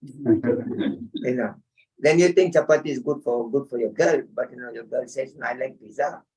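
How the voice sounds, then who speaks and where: This man, a spiritual teacher, speaks at a moderate pace in a mid-range voice that is mellow and warm. He leads an informal scripture class at a home gathering, chanting Sanskrit verses between chatty, chuckling stories, and he sounds a bit far from the microphone.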